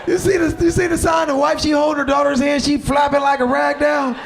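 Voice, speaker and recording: High-pitched shouting stand-up comedian. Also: male voice, level tone, a little fast, gravelly. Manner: loud, shouting punchlines; casual slang, drawled asides. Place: comedy club stage. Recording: live stage mic with audience noise.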